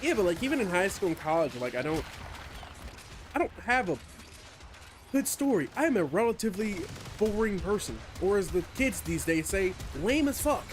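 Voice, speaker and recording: This gamer has a high-pitched voice and talks at a moderate pace over constant background noise. During his stream he chats casually, wandering off topic, cursing, and running himself down as he plays.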